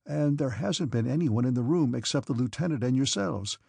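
A man playing a grumbling military servant in an audiobook, scolding and defensive. The voice is raised, gravelly and husky, recorded dry. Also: mid-range voice, animated, moderate pace, dark tone, dry recording. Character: grumbling male orderly, servant.

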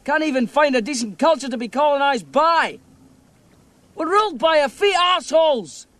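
A bitter young scottish guy ranting, scornful, high voice, bone dry sound. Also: animated, normal speed, sharp tone, no echo, heavily acted. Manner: scornful, swearing rant. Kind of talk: film dialogue.

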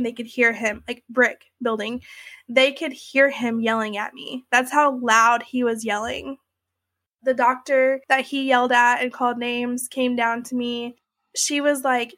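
Her voice sits on the high side, a bit bright, with fairly even intonation at normal speed. The young woman, an interviewee, emotionally recounts a personal ordeal in a conversational way, leaning on "like" and "you know."

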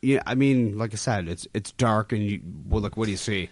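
A man's voice: on the low side, a little fast, a little mellow, dry recording. Hesitant man asking questions, dry sound. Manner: hesitant, questioning, many restarts. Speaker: podcast co-host. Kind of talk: casual chat.

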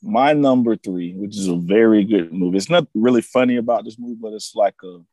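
A man co-hosting a casual podcast chat, an animated storyteller who laughs often and acts out movie lines. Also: fairly low pitch, fairly quick. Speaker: podcast co-host.

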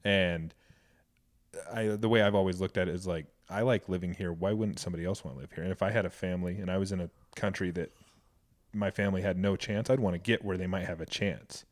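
Man, deep voice, earnest, casual podcast talk, swears freely. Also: fairly even intonation, fast. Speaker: podcast co-host. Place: Boise, Idaho.

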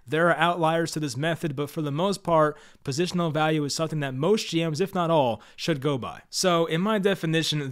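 A man hosting his own channel, giving blunt, frustrated commentary on his football team. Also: on the high side. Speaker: sports commentator, Giants fan channel host. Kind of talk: opinionated scripted commentary to camera.

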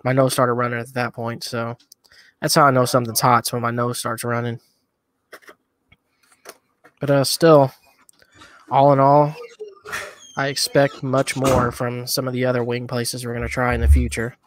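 A man's voice: mid-range voice, level tone, moderate pace, long pauses, no room sound. Laid-back man on a dry podcast mic. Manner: easygoing, rambling with fillers. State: eating hot wings. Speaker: podcast co-host. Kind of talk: casual podcast chat.

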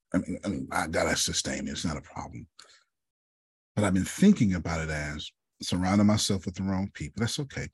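In a dry, close recording, a man with a very deep, slightly husky voice gives a motivational talk to a group he is leading. He shares personal stories loosely, calls on people by name, and keeps clearing his throat.

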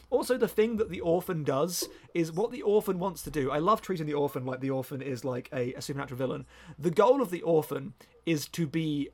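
A man co-hosting a podcast, rambling enthusiastically through a casual chat and often correcting himself mid-sentence. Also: on the high side. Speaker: podcast co-host.

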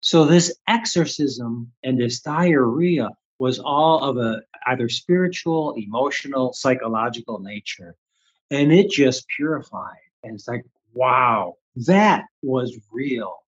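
A man's voice: mid-range voice, unhurried, slightly rough, highs cut off. An older man from the Midwestern United States, candidly telling a story as an interview guest and acting out his own past thoughts. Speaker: guest, Reiki teacher.

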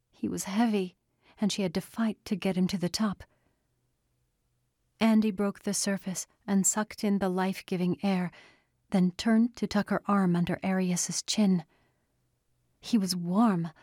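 A woman narrating a novel in a measured, scripted reading, quietly giving each character a voice. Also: on the low side, no echo, studio quality. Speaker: audiobook narrator.

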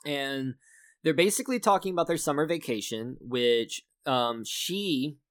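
A man's voice: medium pitch, unhurried, no room sound, clean studio sound. A man co-hosting a casual film discussion, recapping the plot conversationally. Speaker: podcast co-host.

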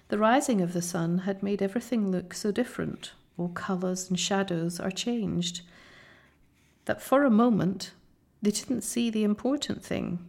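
A woman narrating a children's book as an audiobook, slow and soft, often near a whisper. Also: medium pitch. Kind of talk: audiobook reading.

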